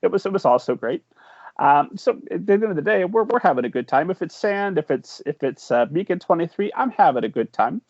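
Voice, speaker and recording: A man's voice: sits high, animated, a little fast, darkish tone, no room sound. Enthusiastic man host with a dry sound. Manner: enthusiastic, fan-like, joking. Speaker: podcast host. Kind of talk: interview. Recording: dry, dull video call audio.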